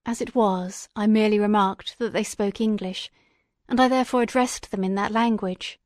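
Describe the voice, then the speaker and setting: Measured, expressive female audiobook narrator. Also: medium pitch, dry recording, clean studio sound. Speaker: audiobook reader. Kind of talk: audiobook narration of a classic novel.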